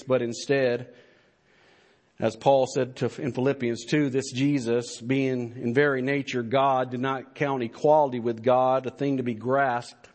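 A man's voice: mid-range voice, a little mellow. Male pastor, mid-range voice, earnest emphatic sermon delivery. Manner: earnest, emphatic preaching with repetitions.

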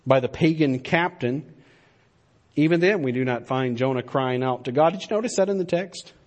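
A man preaching a sermon in an earnest, emphatic manner. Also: on the high side. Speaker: pastor.

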